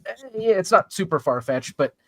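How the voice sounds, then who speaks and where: A man's voice: a little high, animated, brisk, sharp tone, no echo. A man chatting casually about a book, rambling with lots of fillers and agreeing often. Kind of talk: casual book club chat.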